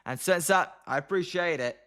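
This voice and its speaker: British man, live-stream baseball caller. Bright, slightly high voice, chatty and relaxed. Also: normal speed. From Britain. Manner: chatty, greets viewers by name between pitches. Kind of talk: casual live play-by-play and chat reading.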